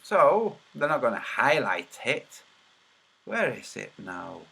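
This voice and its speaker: Lively bright-voiced man muttering. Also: medium pitch, slow pace, creaky, husky. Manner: mutters while searching, then mocking and sarcastic. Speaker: video host. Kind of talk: casual livestream commentary.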